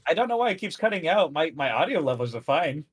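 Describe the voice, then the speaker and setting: Excitable higher-voiced man on a call. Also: fast, slightly rough. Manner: excitable, laughs easily. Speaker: reaction video co-host. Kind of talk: casual chat. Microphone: video call.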